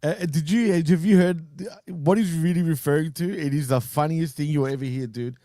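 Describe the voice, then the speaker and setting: A man's voice: a little high, normal speed, mellow, no echo, clean studio sound. A man co-hosting a casual wrestling podcast, laughing often and telling loose stories full of "dude" and "man". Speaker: podcast co-host.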